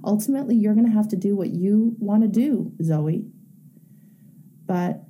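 A woman's voice: medium pitch, animated, moderate pace, warm tone, slight background noise. A woman talking frankly and emphatically as a host, telling a personal story and giving advice.

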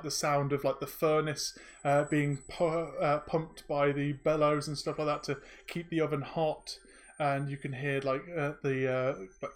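A man narrating as game master, halting and full of fillers. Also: a little high.

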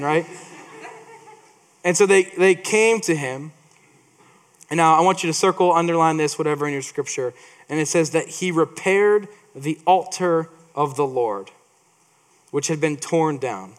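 Man, preacher, sermon, slightly high pitch, lively, playful, restarts. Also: a little slow.

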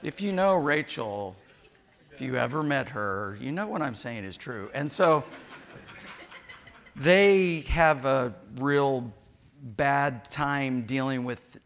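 An older man delivers a sermon with a bright, forward voice. He mixes jokes and family stories into the Bible teaching. He often acts out short quotes. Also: mid-range voice, animated, takes it slowly, a little hiss or hum. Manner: joking, storytelling preacher who acts out quotes. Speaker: pastor.

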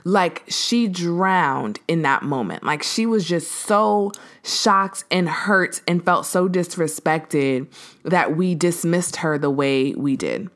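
A woman hosting a podcast, telling a story in a casual, animated way, acting out the voices of the people in it and using lots of fillers. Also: fairly low pitch, slow. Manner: animated, acts out quoted voices, frequent fillers. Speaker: podcast host.

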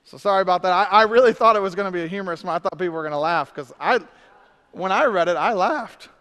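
A man preaches in a high, smooth, resonant voice, swinging from emphatic declarations down to hushed, intimate asides. He drops in humorous self-deprecating lines between points. His words ring out with the long reverb of a church sanctuary. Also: fast. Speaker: pastor. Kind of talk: sermon.

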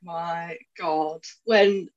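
Femme emphatique, son étouffé. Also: female voice, on the low side, steady tone, very slow, crowd noise. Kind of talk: casual chat reviewing a film. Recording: dull, muffled sound.

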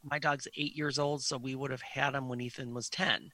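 A middle-aged man chatting casually on a podcast, speaking haltingly and repeating words. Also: mid-range voice, level tone, bright, forceful tone, no echo. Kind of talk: casual chat.

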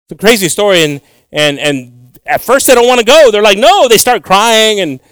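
A young man teaching from the Bible with animated emphasis, switching between English and Spanish and repeating words as he goes. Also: high voice, normal speed, clear, resonant tone, dry recording. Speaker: preacher.

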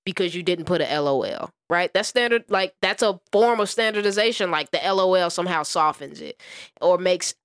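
A woman's voice: lowish voice, a little fast, dry recording, clean studio sound. A woman co-hosting a podcast, talking in a laid-back, slangy way and musing over ideas. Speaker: podcast co-host. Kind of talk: casual chat.

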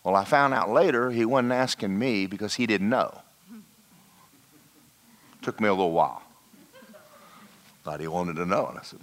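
A man preaching a sermon in a church, telling a personal story and dropping to a hushed voice for emphasis. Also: on the low side, normal speed, pauses often. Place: church hall.

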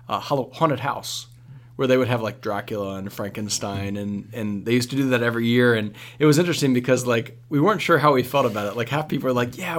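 A man, a priest, telling stories as a guest on a radio talk show, animated and full of restarts. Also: mid-range voice. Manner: animated storytelling with many restarts. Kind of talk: radio interview.

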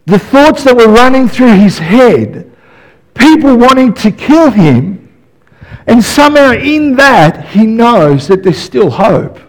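A middle-aged man, a pastor, preaching a sermon in an animated way, dropping soft and then rising to yells as he acts out stories. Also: extremely high pitch, takes it slowly, low-quality recording.

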